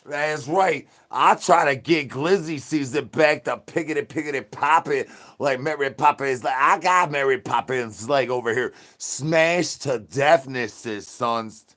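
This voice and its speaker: A man live streaming in a goofy zombie persona, rambling with sing-song rhymes and yelling at his chat. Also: medium pitch, unhurried. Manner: silly rhyming and sing-song wordplay.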